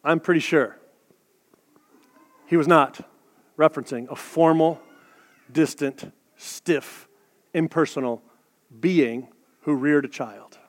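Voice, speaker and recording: A man's voice: fairly high pitch, slow pace, long pauses. A man preaching a sermon as pastor, talking conversationally to his congregation and dropping joking asides. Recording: long hall reverb.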